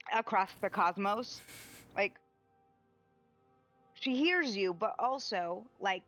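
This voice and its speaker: A woman's voice: mid-range voice, no room sound, lo-fi sound. A woman playing in a tabletop game, talking animatedly and swearing freely as she argues her character's side. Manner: animated, swearing, quick asides. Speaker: player. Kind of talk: tabletop role-play, casual and profane.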